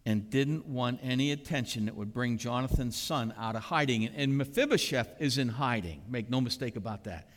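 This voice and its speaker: A man preaching a sermon with animated, dramatic emphasis, recorded in a reverberant church sanctuary. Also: mid-range voice, moderate pace, few pauses. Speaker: pastor. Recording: reverberant hall.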